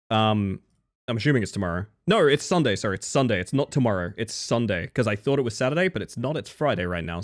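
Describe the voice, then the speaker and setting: A male streamer chatting casually on a live stream, teasing and joking with frequent swearing. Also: lowish voice.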